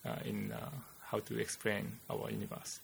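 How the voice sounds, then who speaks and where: A man with a Japanese accent, a physicist guest explaining theory in casual chat, halting and searching for words. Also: fairly low pitch, completely flat delivery, creaky, a little hiss or hum. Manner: halting, many "you know" fillers, searching for words.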